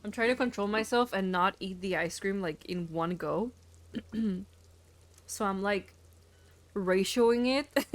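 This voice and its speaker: A woman's voice: medium pitch, a bit bright, dry recording. A woman streaming a video game, chatting casually, giggling often and swearing freely.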